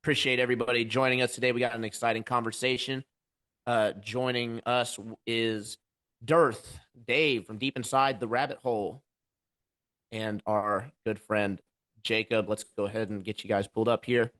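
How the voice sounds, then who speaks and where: A man's voice: mid-range voice, level tone, moderate pace, fairly bright tone, dry recording. A man hosting a livestream debate, arguing earnestly and pushing back at his guest. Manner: argumentative, earnest, pushes back. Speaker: host.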